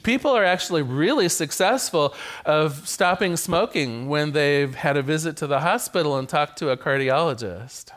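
A male minister with a somewhat high voice delivers a sermon. His pitch swings widely as he speaks, and his delivery is playful and animated, with occasional stumbles where he repeats a word before carrying on. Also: moderate pace, few pauses.

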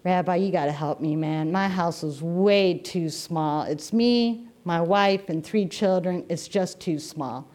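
A woman's voice: fairly low pitch, a little slow, hardly any pauses, darkish tone, pitched below the performer's own voice, natural voice. A woman voicing a worn-out male farmer who complains and pleads in a storybook sermon tale. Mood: grumbling.

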